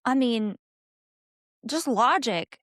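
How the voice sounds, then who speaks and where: A woman's voice: on the high side, animated, drawn-out words, fairly bright tone, dry recording. Woman, podcast host, conversational, hesitant, thinking aloud, dry sound. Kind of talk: conversational interview.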